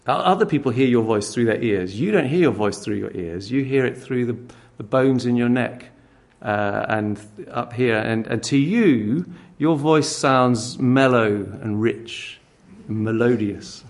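Gravelly-voiced man preaching a sermon. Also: mid-range voice, measured pace. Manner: conversational, with frequent restarts.

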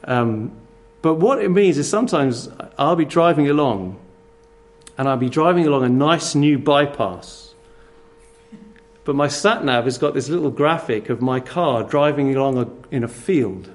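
A man preaching a sermon, earnest and animated, telling stories and asking rhetorical questions. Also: mid-range voice, measured pace.

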